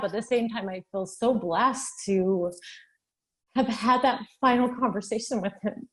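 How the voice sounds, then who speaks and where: A woman in her thirties, a physician assistant, telling her story as a podcast guest, animated and at times tearful. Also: medium pitch, moderate pace, low-quality recording. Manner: animated storytelling, acting out dialogue. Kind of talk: podcast interview, personal testimony.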